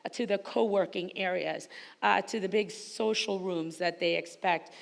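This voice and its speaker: A woman's voice: on the low side, moderate pace, creaky. A woman with a slight Spanish-influenced accent, speaking energetically and emphatically as a panelist at a conference. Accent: Spanish-influenced English. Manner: energetic, emphatic, laughs often. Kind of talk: panel discussion. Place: conference hall stage. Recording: reverberant hall.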